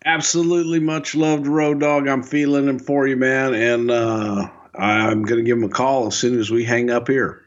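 A man co-hosting a podcast in casual banter, gruff and joking, swearing freely. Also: medium pitch, fairly even intonation, normal speed, hardly any pauses, muffled recording. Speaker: podcast co-host.

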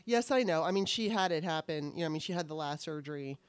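A woman's voice: sits low, lively intonation, fast, smooth, no echo. A middle-aged woman co-hosting a casual chat show, candid and rambling, swearing freely. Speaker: podcast co-host.

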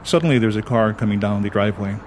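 A man from Hawaii telling a personal ghost story in a measured, dramatic, conversational way. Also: fairly low pitch, noisy background. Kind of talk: spoken storytelling. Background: music.

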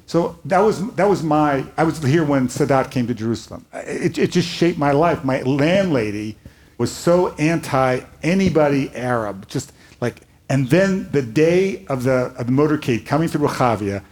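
A man's voice: fairly high pitch, normal speed. An older man, a rabbi, speaking earnestly and telling stories on a panel before a live audience. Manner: earnest storytelling, animated quotes.

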